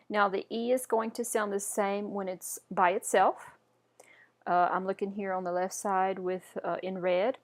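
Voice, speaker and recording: A woman gives a patient pronunciation lesson at a steady medium pitch. She pauses after each word so learners can repeat it, and she repeats herself calmly and clearly. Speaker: French pronunciation teacher. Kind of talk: instructional lesson. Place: indoors, camera off.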